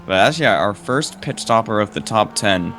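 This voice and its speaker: Bright-voiced man calling a sim race. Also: fairly low pitch, slight background noise. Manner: quick, rising excitement on passes. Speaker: sim racing commentator. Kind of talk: play-by-play race commentary.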